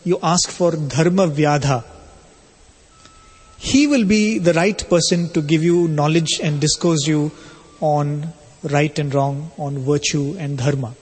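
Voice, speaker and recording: A man speaking as a calm, virtuous housewife in a spiritual story, gently correcting a proud monk. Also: fairly high pitch, slow pace, slightly rough, long reverb tail.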